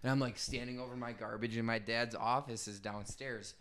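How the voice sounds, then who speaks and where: A young man hosting a podcast, telling an animated story in casual chat and swearing freely. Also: mid-range voice, brisk. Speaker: podcast host.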